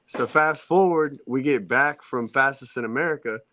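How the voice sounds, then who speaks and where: Brief: man, casual co-host spinning an animated yarn, dry close sound. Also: medium pitch, moderate pace, dry recording. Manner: animated storyteller, acts out quoted voices. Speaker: podcast co-host telling a story. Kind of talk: casual storytelling chat.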